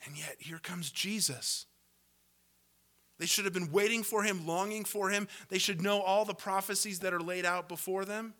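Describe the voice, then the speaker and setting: Preacher guy giving a sermon, kinda high bright voice, gets worked up and loud. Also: fairly even intonation, normal speed. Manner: impassioned preaching, sarcastic asides, builds to loud climaxes. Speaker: pastor.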